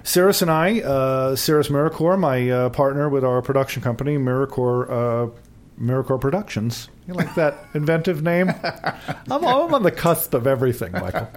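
An older man co-hosts a talk show, chatting casually in a rambling, self-deprecating way with many restarts. His mid-range voice is expressive and moves at normal speed.

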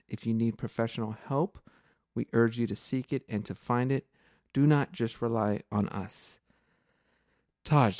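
A man in his forties co-hosts a casual podcast with a chatty, upbeat manner and a ready laugh. His voice sits at a middle pitch. The recording is dry and close. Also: a little mellow, no echo. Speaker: podcast co-host.

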